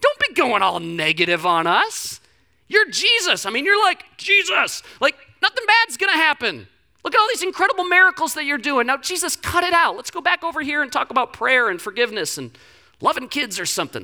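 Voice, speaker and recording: A preacher acting out the disciple Peter, a man frantically scolding Jesus in a high, loud, exasperated voice. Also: sing-song, a little fast, creaky, long reverb tail, full character voice.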